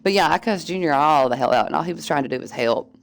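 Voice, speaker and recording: Low-voiced woman streamer, casual. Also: creaky, background noise. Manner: candid and profane, quick laughs. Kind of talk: casual chat.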